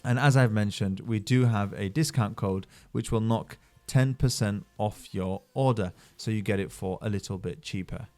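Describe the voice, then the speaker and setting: A man hosts his own channel and talks through a screen-share explainer. He is upbeat and salesy, and his pitch and loudness swing widely. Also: moderate pace, few pauses, soft background music. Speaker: channel host reviewing mining projects.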